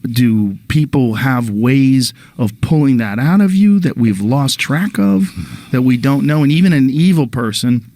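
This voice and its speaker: Earnest, mid-pitched man. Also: lively intonation, unhurried, warm tone, no echo. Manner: earnest, storytelling, posing questions. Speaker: podcast host. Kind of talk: casual conversation.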